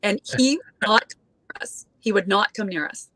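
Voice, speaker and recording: A woman's voice: mid-range voice, lively intonation, normal speed, fairly bright tone, no room sound. A woman in her forties telling a story as a guest in casual chat, full of fillers and acting out the voices of others. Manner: chatty, acts out quoted voices, many fillers.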